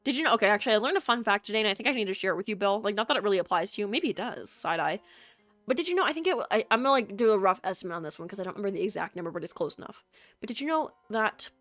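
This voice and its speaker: A woman's voice: medium pitch, animated, racing, a bit bright, no echo, faint music behind. A woman streaming a video game, chatting casually with her viewers, teasing and laughing often.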